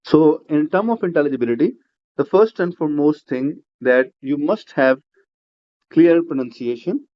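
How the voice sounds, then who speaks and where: A man's voice: fairly high pitch, expressive, moderate pace. A man teaching a speaking-exam class, explaining step by step with "uh" fillers and frequent "right?" checks. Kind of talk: classroom lecture. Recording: slightly dull lo-fi recording.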